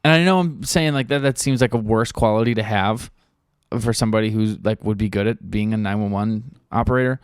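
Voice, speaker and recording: A man's voice: fairly low pitch, a little fast, smooth, dry recording. A man hosting a podcast, rambling casually in a studio, swearing freely and leaning on fillers. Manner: rambling, profane, full of fillers. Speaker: podcast host.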